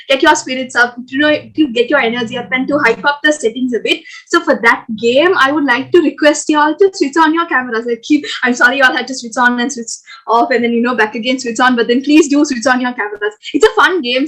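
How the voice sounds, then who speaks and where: A woman's voice: high-pitched, a bit bright, poor audio. A young woman, hosting a casual online game for new students in a chatty, upbeat, coaxing way with many fillers. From Sri Lanka. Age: young adult. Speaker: game host at a student club orientation. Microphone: video call.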